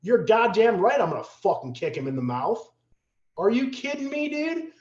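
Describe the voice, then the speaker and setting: A man's voice: high voice, moderate pace. A man telling a story as a podcast guest, casual and profane, acting out the voices of people in his story. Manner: animated, profane, acts out quotes. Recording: roomy, slightly dull podcast audio.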